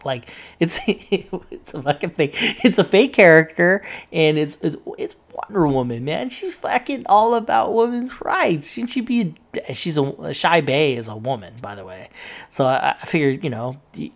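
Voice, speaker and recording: A woman with a low voice tells a story straight to camera in a loose, rambling way. She swears often and trips over her words, stacking up fillers and restarts as she talks. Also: expressive, normal speed. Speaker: social media poster recounting an argument. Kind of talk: casual storytelling monologue.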